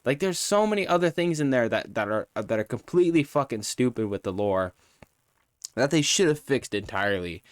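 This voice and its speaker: Give me a heated, swearing male streamer with a lively, swinging pitch and a dry sound. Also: brisk, no room sound. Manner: profane, heated, rambling. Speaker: streamer reviewing a show. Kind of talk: live-stream rant.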